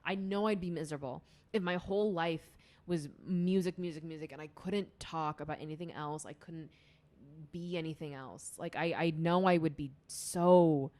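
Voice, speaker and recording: A woman's voice: deep voice, moderate pace, warm tone. A young woman chatting casually as a podcast guest, rambling with lots of fillers and restarts. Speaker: podcast guest, music student. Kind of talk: casual chat.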